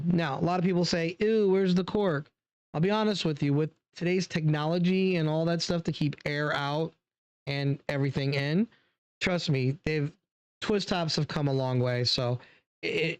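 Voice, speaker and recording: Casual wine-tasting host, easygoing and talkative, mid-pitched voice, close and dry sound. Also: clean tone, dry recording. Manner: chatty and relaxed, many fillers, talks straight to viewers. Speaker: wine reviewer.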